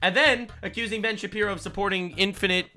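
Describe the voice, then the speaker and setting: A young man doing a reaction stream in a bright, forceful, slightly high voice. He is incredulous and excitable, swinging from loud disbelief to quick asides, with faint music playing behind him. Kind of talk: reaction commentary.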